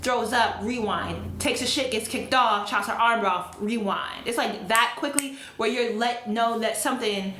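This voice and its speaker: A woman hosting a casual film review chat, quickly recapping plot points in a conversational way. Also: on the high side, bright, forceful tone, reverberant. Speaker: host of a film review show.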